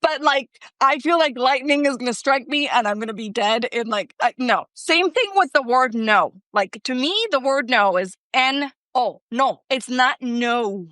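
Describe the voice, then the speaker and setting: Colombian woman guest, 40s, talkative and animated, slightly high voice, dry close sound. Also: moderate pace, hardly any pauses, no room sound. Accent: Colombian Spanish. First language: Spanish. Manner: chatty, animated, many fillers like "like". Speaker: podcast guest. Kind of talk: casual conversation.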